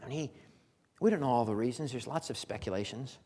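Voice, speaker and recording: A man preaching a sermon in a folksy, conversational way, chuckling now and then and building to loud, emphatic declarations. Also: mid-range voice, brisk, slightly rough.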